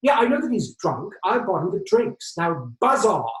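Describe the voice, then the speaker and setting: A man's voice: high voice, big pitch swings, moderate pace, voice pushed up. A man putting on a sneering older man in a suit. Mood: indignant. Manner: haughty and sneering. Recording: echoey room.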